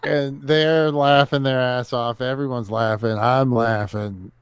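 A man co-hosting a podcast, telling a story in a relaxed, casual way. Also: medium pitch, a little slow, very noisy. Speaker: podcast co-host. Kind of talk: casual chat.

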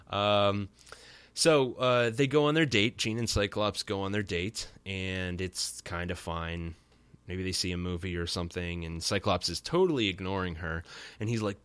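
A man's voice: lowish voice, a bit bright, no room sound. A man in his thirties hosting a podcast alone, recapping a cartoon episode in a casual, joking, rambling way full of fillers. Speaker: podcast host.

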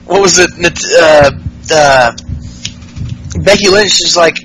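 A man's voice: fairly high pitch, slow pace, a bit bright, soft background music, poor audio. A man hosting a podcast, giving a casual, rambling and profane recap of wrestling shows, full of fillers. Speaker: podcast host.

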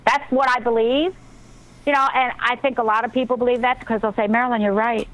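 A woman's voice: on the high side, steady tone, fairly quick, a bit bright, low-quality recording. Motivational woman guest on talk radio. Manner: earnest, motivational, talks about breathing and intuition. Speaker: guest author. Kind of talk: casual radio interview.

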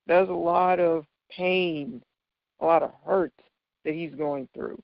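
A man's voice: fairly high pitch, fairly even intonation, unhurried, gravelly, dry recording. A man teaching figures of speech from scripture, patiently explaining and often checking in with "right?". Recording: dull lo-fi dry recording.

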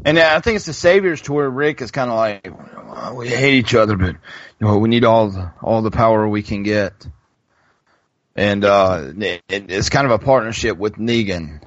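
A man's voice: lowish voice, animated, moderate pace, no room sound. A man co-hosting a casual podcast chat, talking hesitantly and often repeating words. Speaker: podcast co-host. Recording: dull lo-fi podcast audio.

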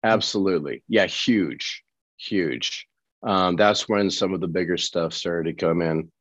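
A man from Colorado, an actor guest telling lively anecdotes in a casual interview, acting out other people's lines. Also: low-pitched, measured pace, no echo. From Colorado, USA.

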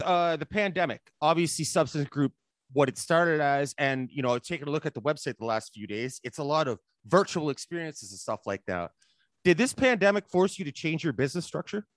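Casual host, raised pitch, excitable and profane, dry recording. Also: male voice, no room sound. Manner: enthusiastic, profane, halting restarts. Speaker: podcast host. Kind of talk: casual chat.

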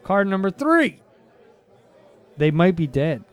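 Podcast co-host, male, thirties: goofy, teasing, animated delivery. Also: high voice, slow pace, clean tone. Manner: teasing, goofy, jumps between topics. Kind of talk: casual chat.

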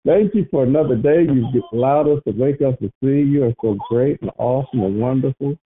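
A man hosting a prayer phone line, praying aloud in a lively, preacherly way. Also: mid-range voice, a little fast.

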